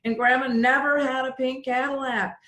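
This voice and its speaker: Speaking at a normal speed in a high voice, this middle-aged radio host recounts a moving story from her own life, acting out each character's voice. The room sounds spacious. Her delivery is sincere and full of feeling, with animated quotations.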